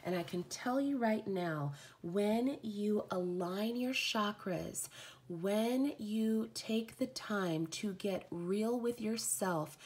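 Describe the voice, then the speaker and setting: A woman's voice: mid-range voice, slow pace, a little mellow. A woman giving a heartfelt, rambling live oracle card reading.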